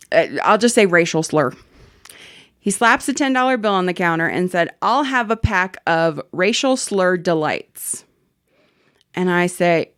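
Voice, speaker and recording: Animated woman reading a listener story. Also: fairly low pitch, no room sound, studio quality. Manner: animated, swearing, laughing as she reads. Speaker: podcast host.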